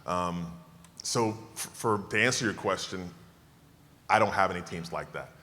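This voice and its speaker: A man in his fifties from Tallahassee gives a keynote at a dinner, fielding questions in an emphatic, self-assured way with jokes. His voice sits low but comes across bright and forceful. The sound carries the long reverb of a banquet hall. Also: normal speed. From Tallahassee, Florida. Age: 50s. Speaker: keynote speaker. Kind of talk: relaxed Q&A talk to a dinner audience.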